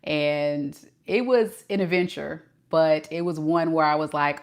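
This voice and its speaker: This tarot reader speaks in a low voice at a measured pace, pausing little. She's a Southern California woman in her forties with a light Mississippi twang, laughing a lot as she chats casually with her live-stream viewers.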